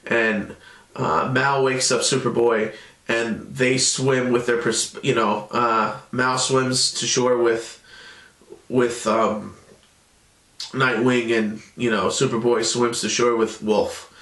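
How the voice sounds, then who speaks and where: A man's voice: mid-range voice, steady tone, slow, a bit bright, roomy sound. A man casually recapping a cartoon episode in a loose, rambling way. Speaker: show reviewer.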